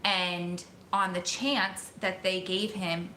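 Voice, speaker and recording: A woman vlogger telling a story to her viewers in an excited, emotional, rushing way. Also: fairly low pitch, slight background noise. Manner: excited, emotional, talks fast in bursts. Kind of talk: casual storytelling to camera. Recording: echoey room.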